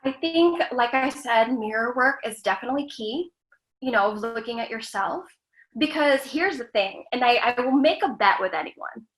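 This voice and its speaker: A woman's voice: a little high, expressive, moderate pace, a bit bright, echoey room, rough recording. A woman actress speaking as a guest, giving frank, earnest self-help advice in a casual, lightly profane way. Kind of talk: candid self-help talk.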